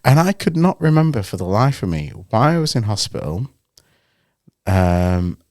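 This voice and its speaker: Male co-host, low voice, very expressive storyteller, close and dry sound. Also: moderate pace, dry recording. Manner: animated anecdote-telling, acts out the people he quotes. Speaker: podcast co-host. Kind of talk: casual storytelling chat.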